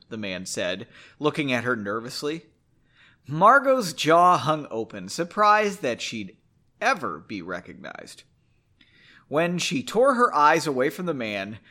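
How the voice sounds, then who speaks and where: A man's voice: mid-range voice, wildly swooping pitch, unhurried, bright, forceful tone. Joking man reading a story aloud. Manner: sarcastic, self-mocking.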